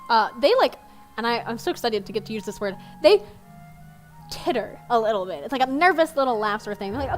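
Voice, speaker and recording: A woman's voice: on the high side, animated, fairly quick, soft background music. A woman narrating as game master in a casual, chatty way with plenty of ums.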